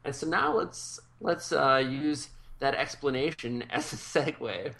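A man's voice: mid-range voice, measured pace, gravelly, fairly bright tone. A man co-hosting a podcast, chatting casually and rambling enthusiastically over a video call. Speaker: podcast co-host. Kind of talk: casual chat.

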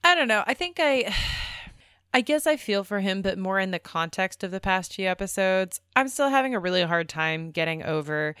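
A woman co-hosting a podcast with a smooth, resonant mid-pitched voice, arguing her side in an animated way. The sound is close-miked and dry. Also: moderate pace, no room sound. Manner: animated, argumentative. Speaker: podcast co-host. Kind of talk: casual discussion.

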